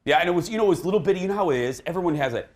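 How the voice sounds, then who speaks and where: A man's voice: sits high, lively intonation, racing. A middle-aged man hosting a daytime TV talk show, chatting casually in a snarky, joking way.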